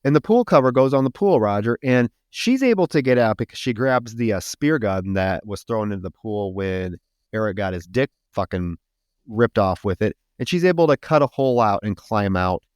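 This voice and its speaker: A man's voice: on the low side, moderate pace, smooth, no echo, clean studio sound. A man co-hosting a podcast, retelling a film's climax in casual, profane chat. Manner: animated, profane retelling of plot. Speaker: podcast co-host. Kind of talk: casual film recap.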